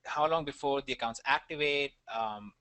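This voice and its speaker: Guy running a webinar, bright punchy voice, reassuring, cracks jokes, dry sound. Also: medium pitch, smooth, dry recording. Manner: brisk, joking, reassuring. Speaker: webinar host.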